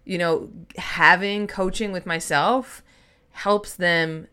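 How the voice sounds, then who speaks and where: A woman in her thirties, a business coach hosting her own solo podcast, speaks slowly in a fairly low, steady voice that's pushed, bright, and clean. She's chatty and emphatic, putting on playful voices whenever she quotes someone.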